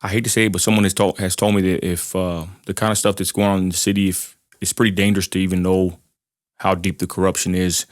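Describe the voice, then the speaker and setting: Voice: low voice, little pitch movement, quick pace, dry recording, clean studio sound. An interviewer who asks brief prompting questions and guides the story.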